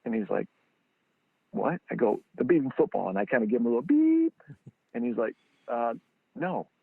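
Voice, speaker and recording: A man telling a story as a guest on a podcast. He acts out the people he quotes with sudden high jumps in his voice. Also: huge pitch swings, normal speed, vocal fry, breathy edge, dry recording. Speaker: guest, training football founder. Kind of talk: animated storytelling. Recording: dry, tinny phone-line sound.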